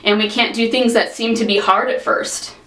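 A woman's voice: fairly high pitch, steady tone, moderate pace, fairly bright tone, echoey room, rough recording. A woman in her thirties talking earnestly to her viewers in a personal vlog, encouraging them and filling her speech with "like" and "you know". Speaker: vlogger. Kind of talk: personal vlog talk to camera.

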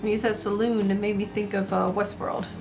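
Easygoing woman chatting over clear music. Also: mid-range voice, level tone, brisk. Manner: easygoing, laughs at herself, asks questions. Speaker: co-player on a game stream. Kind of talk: casual chat while playing a board game. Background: upbeat background music.

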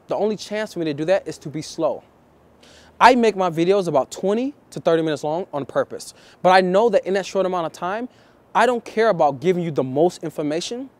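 A man coaching viewers on dating in a vlog, talking deliberately and repeating key phrases for emphasis. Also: on the high side, a little mellow.

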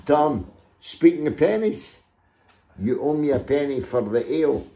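Brief: man voicing a gruff Scottish tavern owner, unhurried and mellow. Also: on the high side, animated, voice pushed up. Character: plain-spoken male tavern owner. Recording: echoey room.

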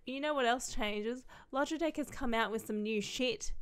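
Young female content creator, a touch high-pitched, gushing and sweary, rambling unboxing chatter. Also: moderate pace, smooth. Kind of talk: casual unboxing vlog.

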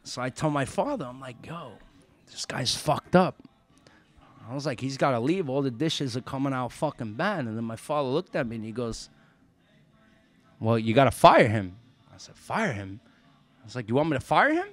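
A man's voice: medium pitch, lively intonation, a little fast. A man, a restaurant owner telling stories on a podcast in casual, profane chat and acting out quotes. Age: 30s.

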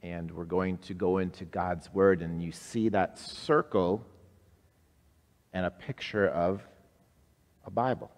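A man leading a simplified worship service, speaking simply and warmly encouraging listeners to repeat short prayers after him. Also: sits low, steady tone, takes it slowly, long pauses. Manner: simple, encouraging, leads call-and-response prayer. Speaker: pastor. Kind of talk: simplified worship service for people with special needs. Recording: live-streamed service with long reverb.

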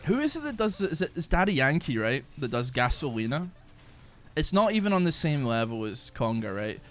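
A man streaming a video game in casual chat, excitable and sweary, breaking into shouts and laughter. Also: fairly high pitch, brisk. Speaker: gaming streamer. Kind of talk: casual live-stream chat over gameplay. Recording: faint music behind.

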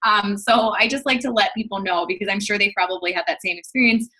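A woman's voice: mid-range voice, fast, sharp tone. A young adult woman, a fitness coach, talking casually on a team call in a chatty, upbeat way with many fillers.

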